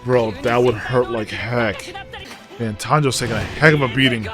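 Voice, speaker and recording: Excitable man reacting to anime. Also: medium pitch, moderate pace, over music. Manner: excitable, exclaims and shouts at the screen; slangy, says dude and bro a lot. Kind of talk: casual reaction commentary. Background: anime audio playing faintly.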